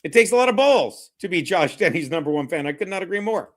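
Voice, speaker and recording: A man with a high, light voice hosts a live football watchalong. He rambles between chat and play-by-play, brash and mocking, and swears freely. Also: animated, fast. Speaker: live stream host. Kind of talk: profane live sports watchalong commentary.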